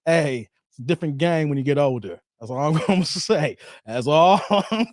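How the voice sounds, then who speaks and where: A man's voice: on the high side, animated, moderate pace, darkish tone, no room sound, clean studio sound. A man, chatting casually with viewers, laughing often and repeating "hey, man" in playful banter. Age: 40s. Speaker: YouTube host. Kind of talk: casual live-stream chat reading viewer comments.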